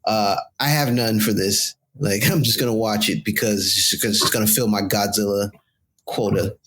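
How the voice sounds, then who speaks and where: A man's voice: on the low side, fairly even intonation, moderate pace, a bit bright, slightly rough. A man co-hosting a podcast, chatting casually with joking, opinionated fan takes. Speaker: podcast co-host. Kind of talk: casual chat.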